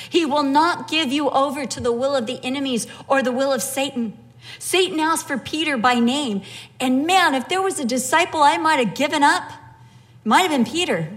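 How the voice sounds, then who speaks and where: A woman preaching a sermon, moving between low, earnest emphasis and lively, high-pitched storytelling. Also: in a large hall. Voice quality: animated, swings from low earnest tones to high excited storytelling. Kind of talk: sermon with humorous personal story.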